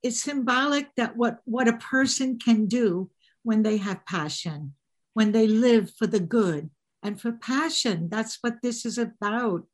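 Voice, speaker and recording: A woman's voice: fairly high pitch, unhurried. A woman guest in a TV interview, speaking earnestly and with emphasis. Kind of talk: conversational interview.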